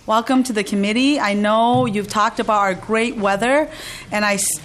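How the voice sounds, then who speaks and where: Woman committee chair, mid-pitched, formal with filler words, table mic, faint room hum. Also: steady tone, moderate pace. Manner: frequent fillers, warm joking welcome. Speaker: senator chairing a committee hearing. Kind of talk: formal hearing remarks. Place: legislative committee hearing room.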